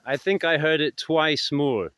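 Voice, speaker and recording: A man telling stories in a casual vlog, rambling and hesitant, his voice trailing off softly at the ends of thoughts, recorded outdoors in woods. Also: fairly high pitch, a little slow, smooth, dry recording, studio quality. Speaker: vlogger. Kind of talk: casual anecdotal storytelling.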